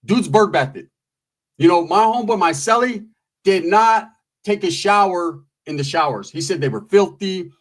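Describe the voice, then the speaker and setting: A man's voice: sits high, normal speed. A man telling long, profane, rambling stories in a casual way, full of asides. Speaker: storyteller.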